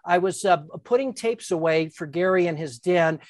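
An older woman, a guest, telling a casual anecdote with lively restarts, stammers and acted-out quotes. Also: fairly low pitch, normal speed, dry recording.

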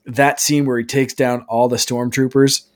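Male podcast host, mid-pitched, easygoing and chatty. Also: level tone, moderate pace. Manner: easygoing, steers the talk, chuckles while recounting. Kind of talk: casual podcast chat.

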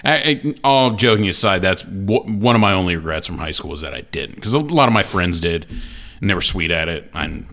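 A man's voice: low voice, animated, fairly quick, fairly bright tone. A man from Ohio co-hosting a podcast, joking and laughing through casual banter with plenty of swearing. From Ohio, Columbus area. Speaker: podcast co-host.

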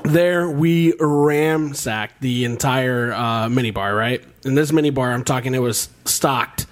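Young dude podcast host, rambling story, lots of cussing and laughs, regular middle voice. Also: male voice, mid-range voice, measured pace. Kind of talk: casual storytelling chat.

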